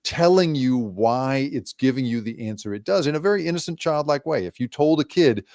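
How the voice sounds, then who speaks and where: A man's voice: medium pitch, fairly quick, few pauses, dry recording. Talkative male journalist, dry sound. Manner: animated, explanatory, with many restarts. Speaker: guest journalist. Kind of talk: remote interview.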